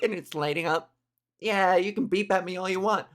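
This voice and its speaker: A crude, animated woman comedian riffs through a podcast monologue. She swears freely and keeps jumping into little acted-out scenes. Her pitch sits in the ordinary middle for a woman. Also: moderate pace. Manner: animated, crude, acts out voices. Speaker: podcast host.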